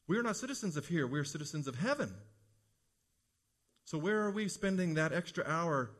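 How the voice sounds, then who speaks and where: A man preaching a sermon as pastor, earnest and rising to emphatic peaks. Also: a little high.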